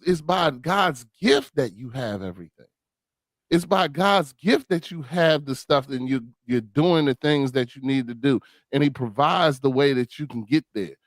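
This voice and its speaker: A man talking about faith in a casual discussion, animated and full of conviction, often restarting his phrases. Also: fairly high pitch, no echo.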